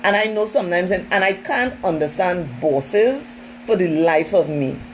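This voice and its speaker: A woman's voice: on the low side, expressive, normal speed, slight background noise, poor audio. A woman trainer giving an informal training talk in an emphatic, conversational way, often turning to her listeners directly.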